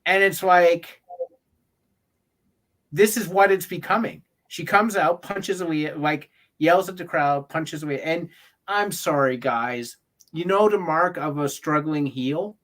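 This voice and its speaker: A man co-hosting a casual chat, blunt and opinionated, with quick asides and stammered restarts. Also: fairly high pitch, a bit bright. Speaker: co-host.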